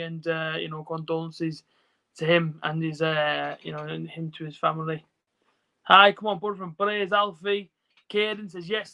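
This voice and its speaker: A man hosting a casual football watch-along stream, talking into his phone and reading out viewers' comments. His voice sits high and sounds bright and forceful, and his talk is loose and chatty, full of fillers. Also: rough recording. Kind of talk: casual live stream chat.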